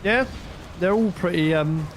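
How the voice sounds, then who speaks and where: A man co-casting a strategy game tournament, talking in a relaxed, somewhat hesitant way and laughing along. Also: sits high, measured pace, background noise. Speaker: co-caster. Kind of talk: casual esports commentary.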